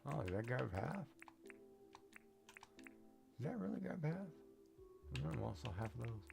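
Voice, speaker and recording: A man's voice: mid-range voice, very animated, moderate pace, creaky, over music. A man streaming a game, chatting casually and rambling, often checking in with "right?". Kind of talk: casual chat while gaming.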